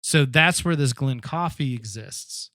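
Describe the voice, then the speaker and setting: A man's voice: medium pitch, a little slow, fairly bright tone, no room sound, clean studio sound. A man hosting a podcast, chatting casually as he recaps a TV episode and patiently explains details with many restarts. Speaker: podcast host.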